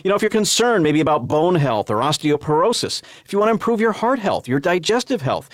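A man hosting a sponsored radio show, pitching a product with an upbeat salesman's push. His voice sits a little high and swings widely in pitch. The sound is dry and close. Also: dry recording. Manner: upbeat salesman, repeats the phone number slowly. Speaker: radio host.

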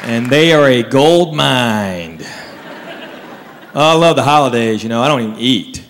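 A man doing a stand-up comedy set, telling stories with animated delivery and quiet low asides. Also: unhurried. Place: stage in a large hall. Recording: live hall, faint crowd. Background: faint audience and room noise.

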